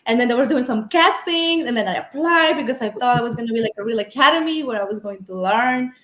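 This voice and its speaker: A woman's voice: on the high side, expressive, fast, a bit bright, reverberant. A woman guest on a paranormal podcast, telling a personal story in a rambling, casual way full of fillers and restarts.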